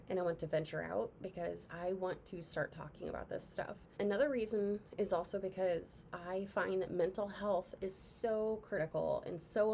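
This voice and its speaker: A soft-spoken young woman from Indiana, telling a story in a casual, chatty vlog and sounding a little out of breath. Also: on the low side, vocal fry, a little hiss or hum. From Indiana, USA. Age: young adult. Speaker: vlogger.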